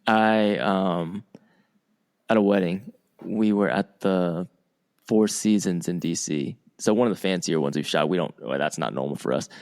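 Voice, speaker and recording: A man's voice: low voice, a little slow, a little mellow. A man hosting a podcast, telling a rambling anecdote in casual chat. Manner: rambling anecdotes with restarts and laughs. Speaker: podcast host.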